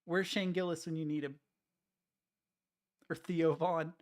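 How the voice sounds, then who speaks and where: A man's voice: a little high, steady tone, a little slow. A man chatting casually with his live-stream chat, joking, laughing often and rambling through self-interruptions. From United States.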